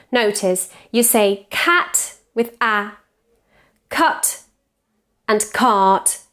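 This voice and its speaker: Slow, careful woman pronunciation coach. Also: mid-range voice. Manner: slow, careful, modelling each vowel sound with repeated examples. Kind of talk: pronunciation lesson.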